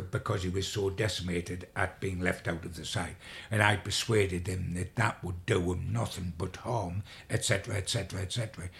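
Gravelly older man telling old stories. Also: low voice. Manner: rambling with repeated restarts. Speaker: sports journalist. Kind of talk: anecdotal interview storytelling.

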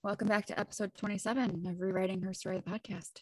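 A woman's voice: mid-range voice, steady tone, quick pace, slightly rough, poor audio. A woman co-hosting a casual podcast as a counselor, blunt and freely swearing. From Wisconsin.

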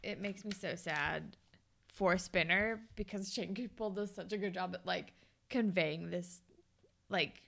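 A woman's voice: lowish voice, a little slow, vocal fry, fairly bright tone. A young woman co-hosting a podcast, chatting casually and retelling TV scenes, acting out the characters' lines as she goes. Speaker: podcast co-host. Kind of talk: casual TV recap chat.

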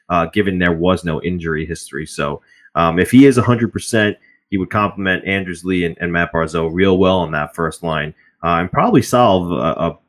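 A man's voice: sits low, fairly bright tone. A man hosting a sports podcast, asking rambling questions full of fillers in casual chat. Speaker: podcast host.

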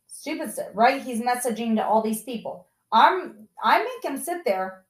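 A woman's voice: a little high, moderate pace, echoey room, rough recording. A mother telling a story on a podcast, casually, acting out what people said in a raised voice. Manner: animated, acts out quotes in raised voice.

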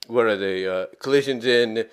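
A man's voice: fairly low pitch, moderate pace, clear, resonant tone. A man hosting an opinion podcast, talking emphatically and repeating his points for insistence. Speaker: podcast host.

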